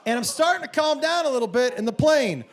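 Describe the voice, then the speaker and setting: Animated high-voiced man telling stand-up stories. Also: fast, some chatter behind. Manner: animated, profane, acts out both sides of dialogue with sudden yelps. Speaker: stand-up comedian. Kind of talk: stand-up storytelling. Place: comedy stage before a live audience.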